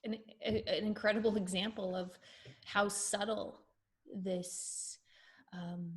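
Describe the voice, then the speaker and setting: A woman's voice: medium pitch, steady tone, slow pace. A woman from the United States, a podcast guest, explaining ideas in a thoughtful, flowing, therapeutic way. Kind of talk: reflective podcast conversation.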